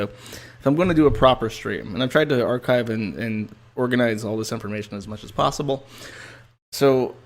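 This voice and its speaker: A man hosting a stream, talking in a casual, sardonic, profane way as he comments on a clip. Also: medium pitch. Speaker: streamer host.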